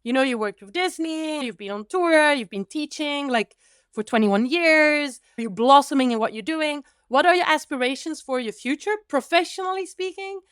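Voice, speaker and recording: A woman's voice: high-pitched, expressive, moderate pace, a bit bright, no echo, clean studio sound. A woman hosting a podcast, asking encouraging interview questions. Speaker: podcast host.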